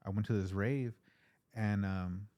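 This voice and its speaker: A man's voice: on the low side, fairly even intonation, unhurried, dark tone, no room sound. A man hosting an interview, telling casual stories with plenty of swearing and acted-out quotes. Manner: laid-back storytelling with lots of swearing and acted-out quotes. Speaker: podcast host.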